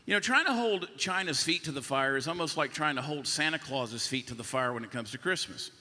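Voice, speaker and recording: A man's voice: on the high side, expressive, brisk, bright, forceful tone, long reverb tail. A man on a live panel talking at length, rambling with restarts and extended analogies.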